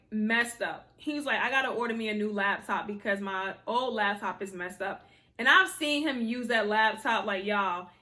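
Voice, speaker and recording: A young woman telling a personal story to her viewers in a casual, animated way, full of slang and exasperated asides. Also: fairly high pitch.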